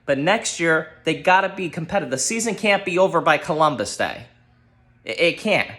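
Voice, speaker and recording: A man ranting about his football team, heated and profane, exasperated, shouting at times. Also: fairly high pitch, expressive, moderate pace. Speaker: sports fan ranting on his channel. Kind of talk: angry solo sports rant.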